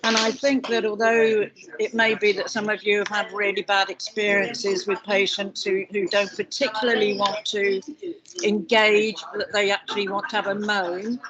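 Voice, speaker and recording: A loud, outspoken woman with a chatty manner, speaking as a patient representative on a conference panel. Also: mid-range voice, flat delivery, normal speed, muffled recording. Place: meeting house in London, busy room. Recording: crowd chatter behind. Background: background chatter.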